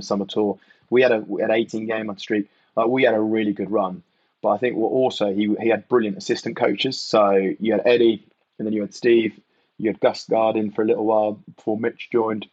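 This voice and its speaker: English ex-player, husky and low, reflective, chatty, dry and slightly dull audio. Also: male voice, a little mellow, no room sound. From England. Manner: reflective, full of "you know" and "mate". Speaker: podcast guest, retired rugby player. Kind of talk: casual podcast chat.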